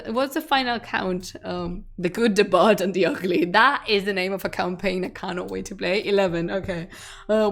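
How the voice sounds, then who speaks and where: A chatty woman with as her talks loosely to her stream viewers, laughing and circling back mid-sentence. Her voice sits at a middle pitch. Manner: chatty and laughing, with frequent restarts and fillers. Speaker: streamer, history channel host. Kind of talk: casual live-stream chat to viewers.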